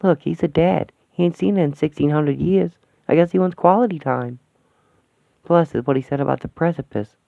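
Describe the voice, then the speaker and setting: A man's voice: fairly high pitch, normal speed, gravelly, no room sound. A man voicing a brash, blunt, sarcastic older woman in a radio play. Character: brash loud-mouthed older woman companion. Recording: thin phone-like, dry sound.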